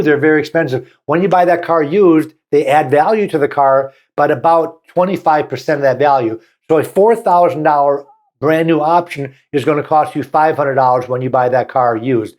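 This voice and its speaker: With a mid-range, somewhat dark voice and a Southern US accent, a car dealer hosts his car show in an opinionated talk-show style. He reads short passages aloud, then riffs on them folksily with asides.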